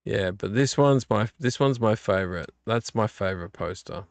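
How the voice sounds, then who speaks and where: Tired vlog host, gravelly, dry close sound, rambling chat. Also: male voice, fairly low pitch, normal speed, dry recording. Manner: relaxed, rambling, complains about covers. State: tired and yawning. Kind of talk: casual late-night chat. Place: home room.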